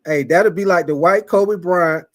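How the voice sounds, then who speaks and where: Reading super chats on a casual live sports broadcast, the host speaks in a fairly high male voice. He laughs often, says things over and over, names chatters directly, and alternates hyped-up energy with drawn-out, low-key side comments.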